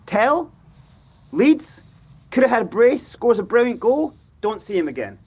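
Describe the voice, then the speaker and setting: Animated man with a husky voice. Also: extremely high pitch, measured pace. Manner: animated, acts out players' voices. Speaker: fan pundit. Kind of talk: football fan show discussion.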